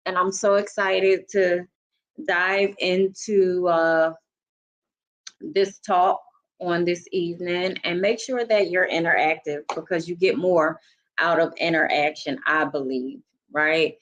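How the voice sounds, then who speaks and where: An older woman hosts a casual livestream. She talks slowly and chats to viewers, greeting each by name. Her voice is a little froggy and hoarse, and the lo-fi stream audio sounds dull. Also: on the low side, fairly even intonation. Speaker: livestream host.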